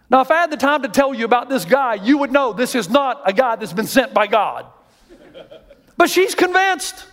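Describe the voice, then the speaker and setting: A man preaching a sermon as pastor, telling stories in an animated way and acting out the voices of the people in them. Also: high-pitched, brisk, in a large hall. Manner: animated storytelling, acts out quoted voices.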